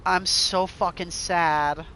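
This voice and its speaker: A woman's voice: fairly low pitch, fairly even intonation, slow pace, a bit bright, slight background noise. A woman giving casual commentary on a blind game playthrough, openly emotional, exclamatory and swearing freely. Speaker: gamer streaming a blind playthrough.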